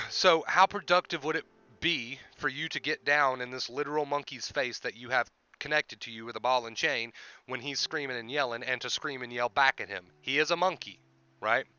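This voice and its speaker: A man's voice: medium pitch, moderate pace, pushed and bright, clean tone, lo-fi sound. A man hosting a livestream, explaining with repetition and emphasis in casual talk. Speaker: livestream host and life coach.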